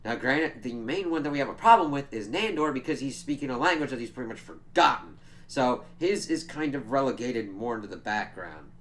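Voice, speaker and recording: A man's voice: mid-range voice, animated, brisk, a bit bright. A man giving a casual, chatty spoiler recap of a TV episode, swearing freely and laughing as he retells scenes. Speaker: show reviewer.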